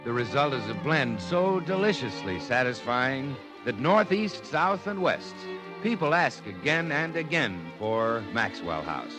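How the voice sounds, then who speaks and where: A man reading a scripted commercial as a 1940s radio announcer, smooth and earnest. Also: mid-range voice, big pitch swings, a little slow. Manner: smooth, earnest salesman delivery. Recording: old radio broadcast under loud music.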